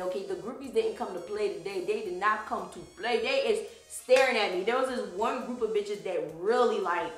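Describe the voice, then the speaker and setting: A woman's voice: medium pitch, reverberant, rough recording. Sassy young woman telling a story. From Haitian background. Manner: animated, sassy, swears freely. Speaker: vlogger. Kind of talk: casual storytime.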